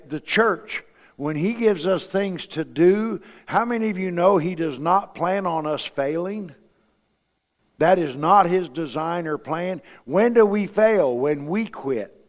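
A male pastor with a fairly high voice preaches a sermon in a folksy storytelling way, asking his listeners question after question. His words ring out with a long reverb, as in a church sanctuary.

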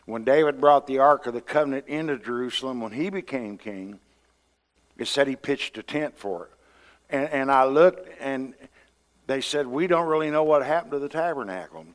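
A pastor preaching a sermon in a conversational style, often repeating words and acting out what people say. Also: male voice, medium pitch, expressive, moderate pace.

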